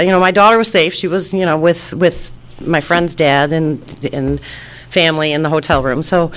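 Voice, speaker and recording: A woman's voice: low-pitched, fairly even intonation, normal speed. A woman from Detroit casually telling a personal story, rambling, restarting her sentences and laughing often. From Detroit, United States. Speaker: storyteller recounting her past.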